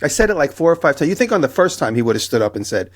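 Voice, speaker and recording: A man on a podcast telling a story in casual chat, animated and acting out the people in it. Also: a little high, racing. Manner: animated anecdote telling, acting out both sides of quoted exchanges. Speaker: podcast co-host.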